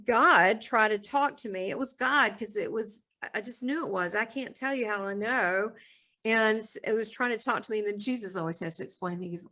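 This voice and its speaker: A woman's voice: fairly high pitch, moderate pace, bright, forceful tone. A middle-aged woman, a guest in an interview, telling her story candidly and rambling through restarts with a laugh now and then. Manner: rambling, restarts often, laughs between thoughts.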